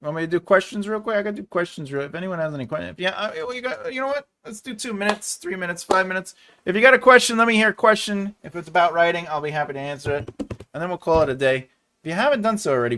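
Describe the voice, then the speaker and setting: A man's voice: fairly high pitch, fairly bright tone. A man hosting a casual live stream for a writing channel, chatting with viewers in a playful, rambling way and repeating phrases for fun. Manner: chats to live viewers and reads their comments. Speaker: livestream host for a writing channel.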